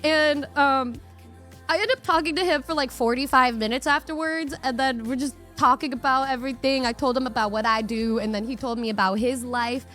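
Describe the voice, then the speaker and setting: A young woman streamer telling a story to her audience in a casual, animated way, swearing freely and acting out her reactions. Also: sits high, a little fast, hardly any pauses, soft background music.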